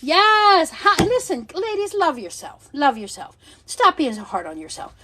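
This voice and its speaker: A woman's voice: high-pitched, huge pitch swings, a little slow, background noise. A middle-aged woman hosting a casual livestream, talking bluntly and animatedly, swearing freely and laughing often. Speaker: livestream seller and host.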